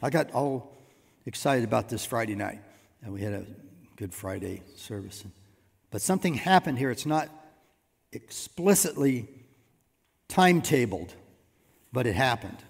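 A man preaching a sermon as pastor, swinging between hushed asides and loud emphatic bursts. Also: medium pitch, lively intonation, measured pace, vocal fry, pauses often, slightly rough. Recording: long reverb of a church hall.

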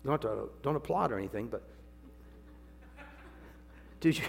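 Older man, sermon, gravelly voice, jokey asides, sudden loud peaks, hall echo. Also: animated, normal speed, long pauses. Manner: folksy, joking, swings from low asides to loud high exclamations. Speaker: preacher. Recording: long hall reverb, faint hum.

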